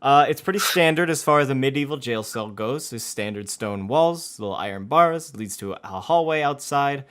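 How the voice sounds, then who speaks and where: A man narrating as game master of a tabletop role-playing game, pausing often with fillers. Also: mid-range voice, lively intonation, a bit bright, clean tone. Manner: hesitant, lots of fillers.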